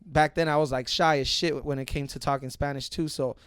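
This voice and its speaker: Man telling a profane, animated story. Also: fairly high pitch, fairly quick, smooth, dry recording. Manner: profane, animated, acts out other people's voices. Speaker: podcast guest. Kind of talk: casual storytelling.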